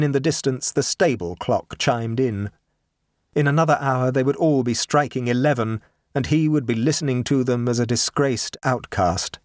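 A man narrating a classic short story in an expressive way. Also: dry recording, clean studio sound. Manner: expressive, shifting pitch for dramatic beats.

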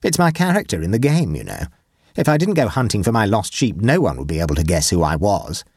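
A man voicing a mischievous young gentleman prankster with a breezy, teasing manner. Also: on the low side, very animated, fairly quick, slightly rough, no echo, clean studio sound, full character voice. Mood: amused, mocking.

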